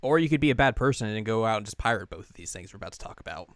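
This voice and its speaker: Smooth-voiced jokey male podcast co-host. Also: fairly low pitch, expressive, rapid-fire, no room sound, studio quality. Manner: jokey, laughs often, many fillers. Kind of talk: casual chat.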